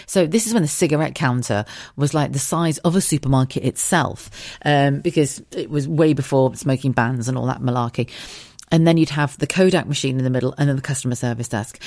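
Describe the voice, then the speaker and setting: A woman hosting a podcast, telling an anecdote in a chatty, animated way, laughing often and swearing freely. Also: a bass voice, no echo, clean studio sound. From United Kingdom. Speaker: podcast host. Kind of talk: casual anecdotal storytelling.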